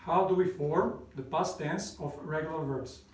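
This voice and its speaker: A man teaching English, repeating each question twice in a slow, clear drill. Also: fairly high pitch, distant mic. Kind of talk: drilled question-and-answer language lesson. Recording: roomy classroom sound from away from the mic.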